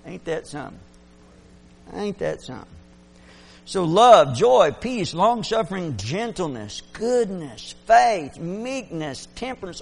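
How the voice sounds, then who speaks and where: A man preaching a fervent sermon. His voice sits a little high and has a gravelly edge, and it swings between loud exclamations and hushed asides. A faint mains hum runs under the recording.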